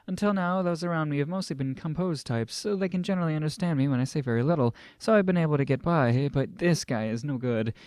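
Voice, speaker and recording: A man's voice: fairly high pitch, fast talker, hardly any pauses, darkish tone, no echo, studio quality. A man casually reading a translated novel aloud, stumbling and restarting and breaking off for joking asides. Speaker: amateur novel reader.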